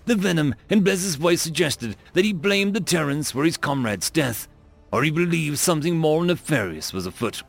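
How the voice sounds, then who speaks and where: A man reads a science fiction story aloud with a gravelly voice and a lively, rising and falling intonation. Faint music plays under the narration, and the pitch sits mid-range. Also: moderate pace. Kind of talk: scripted narration of a sci-fi story.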